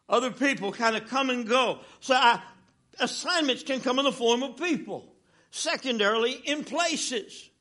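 Older male traveling preacher, high voice, lively storytelling sermon with humor. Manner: animated storytelling with jokes, swinging from loud to hushed. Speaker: traveling minister.

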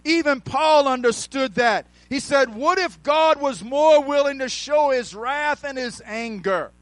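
A man preaching a sermon, calling out to the congregation and rising to shouts, with slow, drawn-out emphasis on key words. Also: extremely high pitch, dry recording, poor audio.

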